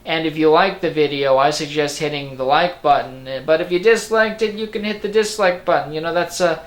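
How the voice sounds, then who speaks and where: A man's voice: on the high side, brisk. Sarcastic rambling man, slipping into Boston accent. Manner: rambling, sarcastic, swears freely. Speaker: movie reviewer. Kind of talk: casual spoken movie review. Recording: roomy room echo.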